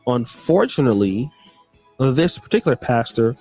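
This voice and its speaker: A man's voice: medium pitch, big pitch swings, moderate pace, a little mellow, slightly rough, soft background music. A man giving emphatic commentary, repeating phrases for effect. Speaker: guest commentator. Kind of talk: animated commentary.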